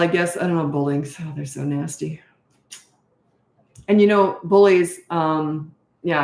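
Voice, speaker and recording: A middle-aged woman coaching parents in a casual question-and-answer talk, frank and chatty, trailing off and restarting, climbing high when exasperated. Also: darkish tone. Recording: echoey room.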